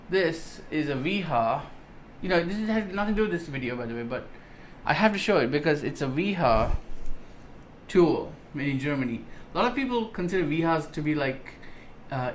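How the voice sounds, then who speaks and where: Slight background noise accompanies this man's a-little-high voice as he vlogs an unboxing of computer parts. The tech vlogger chats enthusiastically and rambles, restarting often and saying "um" a lot.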